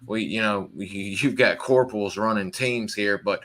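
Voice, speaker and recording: A man's voice: on the low side, normal speed, a bit bright. A man with a Southern American accent hosting a casual interview, rambling with many fillers and reading out listener questions. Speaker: podcast host.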